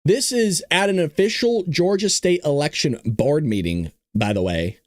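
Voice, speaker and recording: A man hosts a casual political news show, talking with a lot of sarcasm and frequent laughter. His pitch moves around a lot as he mocks what he is reporting, and the sound is dry and close with no room echo. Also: expressive, normal speed. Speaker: host.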